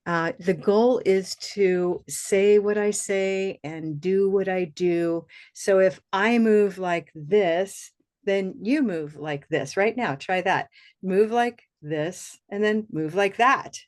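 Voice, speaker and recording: A woman teaching pronunciation on a video call, relaxed and chatty, leading repetition drills. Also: on the low side. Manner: relaxed, chatty, laughs easily.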